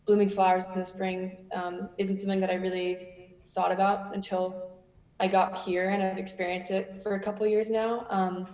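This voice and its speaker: A woman's voice: medium pitch, gravelly, darkish tone. A woman from Los Angeles sharing in class, hesitant with many fillers. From Los Angeles, United States. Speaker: student. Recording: echoey room, voice from far off.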